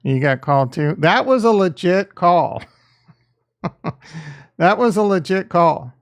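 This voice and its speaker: A man's voice: sits high, lively intonation, slow. A man hosting a casual livestream, talking back to his chat in a defensive, joking way. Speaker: livestream host reading chat.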